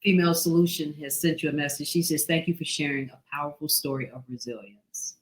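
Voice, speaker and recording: A woman's voice: low-pitched, fairly even intonation, brisk. A woman hosting a casual live talk with her grown daughter. She reads out viewer messages and speaks in an earnest, affirming way, often trailing off mid-sentence. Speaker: host, mother of guest.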